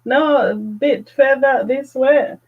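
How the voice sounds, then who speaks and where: A woman hosting a live fragrance chat, gushing with excitement and greeting viewers by name. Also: high-pitched, slow, narrow, tinny audio. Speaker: fragrance channel host.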